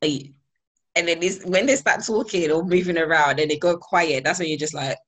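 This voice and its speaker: A woman and mother in casual chat, agreeing readily and talking quickly. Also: on the low side.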